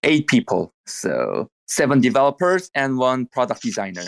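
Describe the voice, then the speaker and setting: A man speaking halting non-native English as a guest in an online chat, with many restarts and fillers. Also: medium pitch, sing-song, creaky. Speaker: guest developer. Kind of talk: casual audio chat interview. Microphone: online audio chat room.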